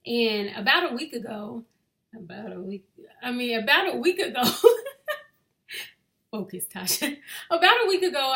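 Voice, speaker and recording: Woman educator, young adult, chatty storyteller, fairly high, very bright tone. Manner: chatty, laughs while telling, addresses listeners as y'all. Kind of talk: casual personal storytelling.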